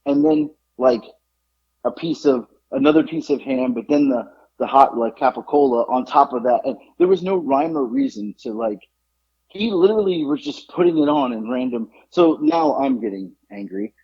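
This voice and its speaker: Husky animated man telling a story. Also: mid-range voice, normal speed, lo-fi sound. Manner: animated, acts out quoted exchanges. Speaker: podcast co-host. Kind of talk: casual storytelling chat.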